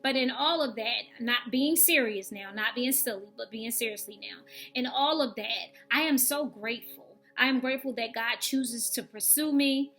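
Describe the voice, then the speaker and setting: A woman's voice: on the high side, normal speed, a bit bright, faint music behind. A woman giving a candid personal faith testimony in a frank, conversational, reflective way. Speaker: vlogger sharing faith testimony.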